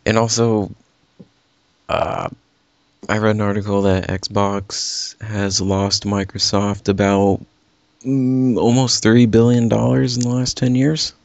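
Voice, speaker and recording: Male podcast host, low and gravelly, rambling casual chat, dry lo-fi recording. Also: slow pace, dry recording. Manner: rambling, self-correcting, animated.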